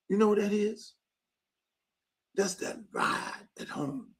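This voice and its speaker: A high-pitched, bright-toned man from Miami hosts an unfiltered sports podcast. He rants with fired-up, profane energy. He often bursts into shouted, acted-out quotes. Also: lively intonation, normal speed, husky. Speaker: podcast host. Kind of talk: unfiltered sports commentary monologue.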